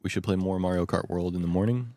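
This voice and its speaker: Rambling young man with a gravelly voice. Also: sits low, fast, no echo, studio quality. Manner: rambling, excitable. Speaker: vlogger. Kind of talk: casual chat. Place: at home at night.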